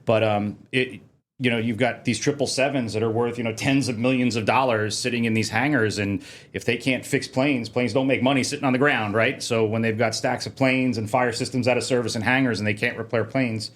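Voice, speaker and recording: A man who works as a fire protection engineer, chatting casually as a podcast guest and telling lively stories. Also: medium pitch. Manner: fast, animated storyteller, mocks officials in a sing-song voice. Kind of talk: casual interview chat.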